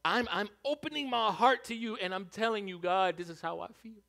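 Man, pastor, animated sermon, hushed to loud, high pitch. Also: fairly quick, gravelly. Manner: animated preaching, swings from hushed to shouting.

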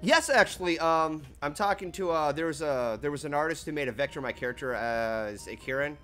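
Bright-voiced swearing male game streamer. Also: fairly high pitch, fairly quick, soft background music. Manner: swearing, laughing, reading on-screen text aloud. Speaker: streamer playing a game with friends. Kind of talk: casual game-stream chat.

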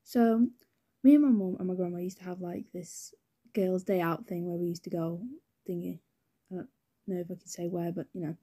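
A woman's voice: on the low side, dark tone, slightly rough. A young woman with a British accent, telling a personal story in a rambling, chatty way, swearing freely and saying "anyways" a lot. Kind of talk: casual storytime narration.

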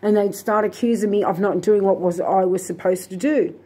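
A woman's voice: mid-range voice, fairly even intonation, moderate pace, dark tone, husky. A woman vlogging, telling a long, aggrieved story full of fillers and restarts. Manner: aggrieved, indignant retelling with many fillers and restarts. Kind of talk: rambling personal storytelling.

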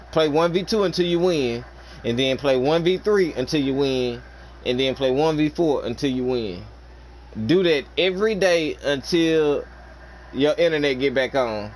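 A man with a slightly high voice talks through a match, grumbling about teammates and teasing his brother. Noisy game sounds fill the background. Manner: frustrated, joking banter with his brother. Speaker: gaming streamer. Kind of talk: casual commentary while playing a game. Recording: game sounds and noise behind.

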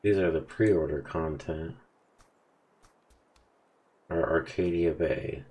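A man with a notably deep, low voice talks through a video game at an easy pace. He comments casually as he plays and reads the on-screen messages aloud. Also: slow, warm tone. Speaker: gaming channel host.

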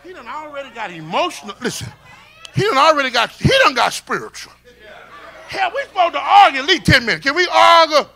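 High, gravelly preacher man in his fifties. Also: very animated, fairly quick. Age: 50s. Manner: preaching with shouts and call-and-response, swings loud to quiet. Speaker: pastor. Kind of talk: sermon. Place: church sanctuary with congregation.

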